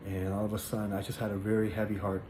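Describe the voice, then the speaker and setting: A man's voice: on the low side, completely flat delivery, dark tone. Earnest man telling his testimony, roomy sound. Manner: earnest, halting, with many fillers and repeated words. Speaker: person sharing a religious testimony. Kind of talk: personal testimony, casual spoken storytelling. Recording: echoey room with faint background noise.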